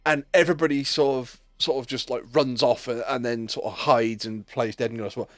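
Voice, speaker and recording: A man's voice: mid-range voice, a little fast, no echo. Man telling stories with gusto. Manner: animated storyteller, acts out quoted lines. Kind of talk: casual gaming chat.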